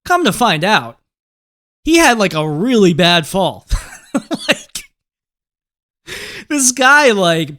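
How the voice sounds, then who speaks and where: A man with a fairly high voice talks loosely and off the cuff, packing his sentences with fillers and the odd curse. His tone is smooth and resonant. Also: a bit bright. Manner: rambling, filler-heavy and profane, often laughing. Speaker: crypto news show host. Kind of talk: casual commentary and storytelling.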